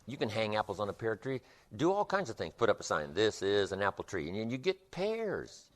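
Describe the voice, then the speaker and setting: A man's voice: lowish voice, wildly swooping pitch, a little fast. A man giving a motivational seminar lecture with an emphatic, repetitive rhythm. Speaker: motivational speaker.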